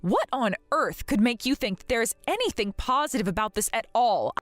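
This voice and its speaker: A woman voicing a grieving young wife in an animated story drama who talks in an earnest, pleading, wounded way. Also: a little high, a little fast, no echo. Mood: hurt. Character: grieving young wife hurt by her in-laws.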